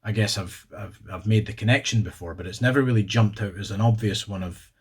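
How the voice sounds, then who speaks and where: A man's voice: on the low side, brisk, slightly rough. A Scottish man hosting a casual video, spelling out words letter by letter and slipping in dry jokes. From Scotland. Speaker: video host. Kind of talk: casual explanatory vlog.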